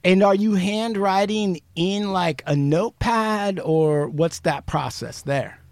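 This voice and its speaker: A man's voice: high-pitched, takes it slowly, darkish tone, no room sound. A man hosting a podcast, asking a guest eager, upbeat questions in a studio. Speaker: podcast host. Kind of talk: casual interview questions.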